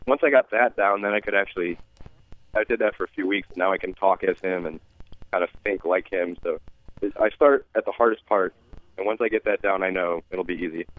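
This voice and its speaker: A man who does impressions, as a guest on a radio show, talking easygoing and halting by phone. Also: sits low, no room sound. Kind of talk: casual radio interview. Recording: tinny phone line.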